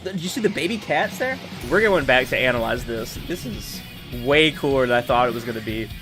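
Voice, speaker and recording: A young man on a live stream reacting to a trailer, his ordinary voice jumping into loud, excited bursts and laughter. He talks casually and excitedly, with faint music behind him. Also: medium pitch, fairly quick. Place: home room.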